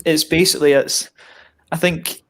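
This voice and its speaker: A man's voice: fairly high pitch, fairly even intonation, normal speed, vocal fry, a bit bright. A Scottish man hosting a live stream, chatting casually and laughing often, and swearing when riled. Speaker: host of a beer review stream.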